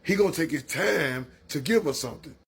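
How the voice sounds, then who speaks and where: A man's voice: on the high side, expressive, brisk, gravelly, fairly bright tone, slightly rough. A man giving a preachy opinion monologue, lecturing in colloquial speech. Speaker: commentator.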